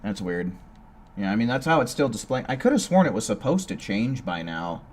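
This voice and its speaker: A man's voice: on the low side, big pitch swings, fairly quick. Laid-back man streamer from California. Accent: General American. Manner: laid-back, chatty, answering chat. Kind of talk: casual live-stream chat.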